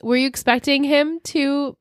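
A woman co-hosting a podcast, recapping a TV episode in casual chat and acting out the quotes in quick bursts. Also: high-pitched, fairly even intonation, dry recording, clean studio sound.

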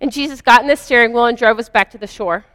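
A woman's voice: a little high, quick pace, fairly bright tone, no room sound, big-room sound. A woman earnestly telling a personal spiritual story in a confessional first-person way. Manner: earnest, confessional, vivid retelling. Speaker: speaker sharing a personal story.

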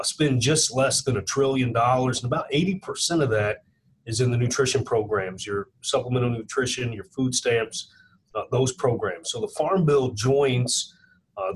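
A man with a Kentucky twang talks as a podcast guest. He explains policy in a plainspoken, measured way. A faint hiss sits under his voice. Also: mid-range voice, rough recording. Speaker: guest economist. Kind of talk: podcast interview.

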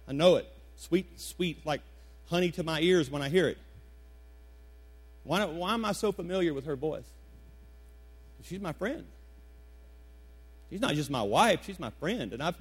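A pastor in his forties preaches in a church, his high voice loose and conversational. He repeats key phrases for emphasis and keeps asking the congregation questions. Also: slightly rough. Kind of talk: sermon. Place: church sanctuary before a congregation.

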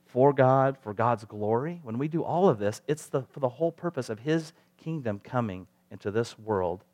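A man's voice: medium pitch, expressive, moderate pace, a little mellow. A man preaching a sermon in a conversational way, asking rhetorical questions and acting out little quoted voices.

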